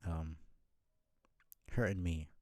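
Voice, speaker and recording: A man's voice: deep voice, fairly even intonation, takes it slowly, mellow, dry recording, studio quality. A man voicing a brash young male adventurer who blurts out old-fashioned exclamations. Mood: flustered.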